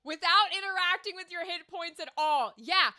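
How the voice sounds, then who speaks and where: A woman talking to her stream viewers in an animated, casual way, swearing freely and bursting into exclamations. Her voice sits high and bright. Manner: animated, profane, quick to exclaim. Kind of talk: casual livestream chat.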